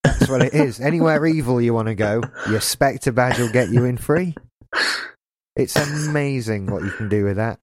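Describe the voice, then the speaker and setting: A podcast co-host, a man, riffs through casual chat full of jokey, rambling tangents. His mid-range, darkish voice moves at a moderate pace, recorded with studio quality and no room sound.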